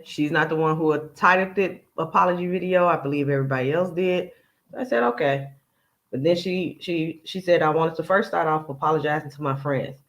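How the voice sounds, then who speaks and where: A man with a fairly high speaking voice for his sex, talking in a chatty, conversational way. He hosts a reaction commentary, quoting another person's words and picking them apart line by line. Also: a bit bright, low-quality recording. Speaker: commentary channel host.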